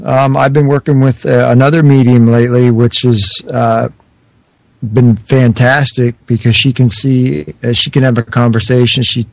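A man hosting a radio chat, speaking in a halting way with fillers. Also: mid-range voice, creaky, dry recording, poor audio. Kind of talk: casual interview chat.

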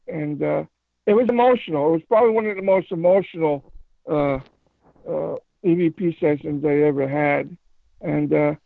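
A man telling a paranormal story in a casual phone interview, rambling and halting with many restarts. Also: a little high, no echo. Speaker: paranormal investigator guest. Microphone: phone call. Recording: tinny phone line, fry.

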